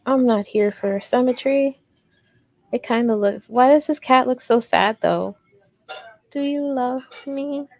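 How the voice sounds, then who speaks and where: A woman's voice: mid-range voice, dry recording. A woman hosting a casual livestream crochet tutorial, chatty and rambling, talking directly to her viewers.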